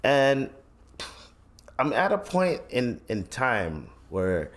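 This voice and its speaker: A man's voice: mid-range voice, very animated, drawn-out words. A man hosting his own podcast, ranting bluntly with heavy swearing and slang, often restarting his sentences. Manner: profane, blunt, heated opinion talk; rambling with frequent restarts and slang. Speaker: podcast host. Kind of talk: solo podcast rant.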